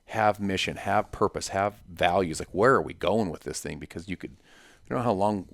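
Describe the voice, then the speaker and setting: A man's voice: deep voice, moderate pace, vocal fry, dry recording. A man talking as a podcast guest in casual conversation, emphatic and story-driven, with punchy repetitions.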